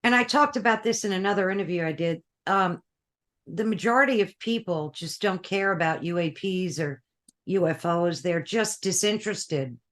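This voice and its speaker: A woman's voice: lowish voice, moderate pace, a bit bright. A woman interviewing a guest, mostly adding short agreeing remarks. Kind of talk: casual interview talk.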